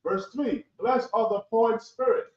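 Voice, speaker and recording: A student reading scripture verses aloud in a class, flatly, repeating lines on request. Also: medium pitch, moderate pace. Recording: distant, roomy, muffled room recording.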